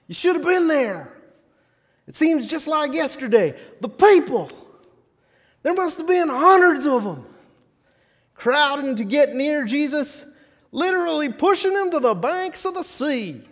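A man voicing an excitable old-timey Wild West fisherman in a folksy drawl, telling a first-person story during a sermon. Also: extremely high pitch, measured pace, big-room sound, pitched above the performer's own voice, heavily acted. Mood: nostalgic.

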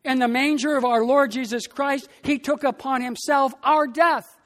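A pastor preaching a sermon with a slow, deliberate delivery, rising in emphasis on key phrases. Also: sits high, fairly even intonation, a bit bright, long reverb tail.

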